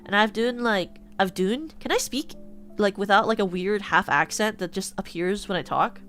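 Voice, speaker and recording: A woman's voice: mid-range voice, moderate pace, fairly bright tone, soft background music. A young woman with a West Coast American accent, chatting casually on her stream in a rambling way, full of fillers and restarts. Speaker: VTuber streamer. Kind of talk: casual chat.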